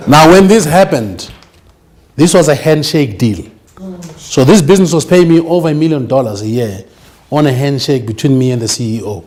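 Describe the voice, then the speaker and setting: A man's voice: a little high, expressive, moderate pace, pauses often, a little mellow. A man giving an emphatic business seminar lecture, often checking that the audience understands. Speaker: business speaker.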